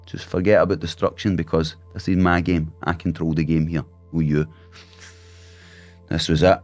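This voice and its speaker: A man's voice: low-pitched, level tone, normal speed, faint music behind. A man telling vivid, swearing anecdotes in a casual chat as a guest.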